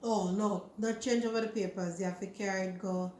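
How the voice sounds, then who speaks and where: A woman's voice: medium pitch, fairly even intonation, brisk, darkish tone, roomy sound, slight background noise. A woman with a Jamaican accent, retelling a story in casual chat and slipping into Jamaican Creole. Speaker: vlogger.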